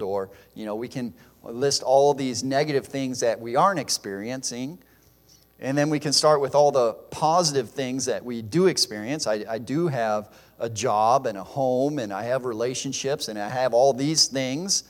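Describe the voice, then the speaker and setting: A man's voice: mid-range voice, moderate pace. A man preaching a sermon in an earnest, emphatic way, with fillers and restarts. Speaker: pastor. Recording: long hall reverb.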